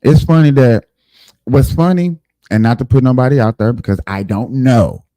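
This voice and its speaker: A man's voice: medium pitch, moderate pace, warm tone, no room sound, studio quality. A man hosting a casual livestream show, talking emphatically and directly to his viewers.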